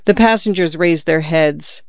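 Audiobook narrator, measured storytelling, smooth clear voice, dry slightly dull recording. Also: medium pitch, dry recording. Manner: measured, descriptive reading.

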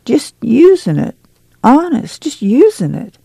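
A meek, whining mother, ashamed and pleading, as a reader puts her on in a storybook reading. The voice rises higher and slower than the narration, with a gravelly, dark and dry sound. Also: huge pitch swings, no echo, exaggerated voice, low-quality recording. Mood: timid.

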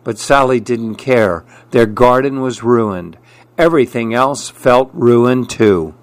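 A man reading a children's picture book aloud in a deliberate storytelling manner. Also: medium pitch, no room sound. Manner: slow, deliberate read-aloud.

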